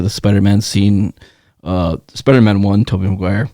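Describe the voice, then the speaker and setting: A man's voice: on the low side, little pitch movement, moderate pace, mellow, no echo, clean studio sound. A man co-hosting a podcast in casual chat, riffing on crude puns and joking with his partner. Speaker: podcast co-host.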